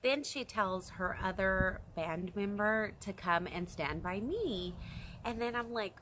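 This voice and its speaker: A young woman chatting to her camera in a casual storytime, her voice bright and forward. She tells it animatedly and breaks into excited squeals. A faint hiss sits under the recording. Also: medium pitch, takes it slowly. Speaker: vlogger.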